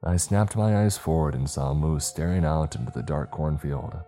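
Deep dark guy narrating a scary story slow and ominous, faint music under it. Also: animated. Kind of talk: scripted horror narration.

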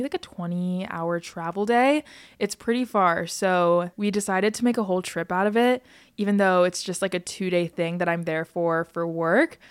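A young American woman hosting a podcast, chatting casually and bubbly, speeding up in quick bursts with frequent laughs. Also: on the low side, smooth, no room sound, studio quality. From United States. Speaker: podcast host.

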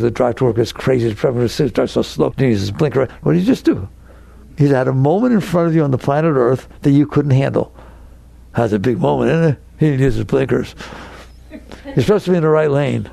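A man's voice: fairly high pitch, creaky, dark tone, no echo. A man giving a conversational spiritual talk to a live audience, full of rhetorical questions and teasing challenges to his listeners. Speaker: spiritual teacher.

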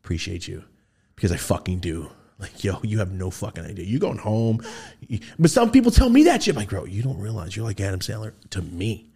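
Casual young male podcast host, animated storyteller, pitch all over the place. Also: brisk, creaky, breathy edge. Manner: animated, acts out quotes with big pitch jumps and shouts.

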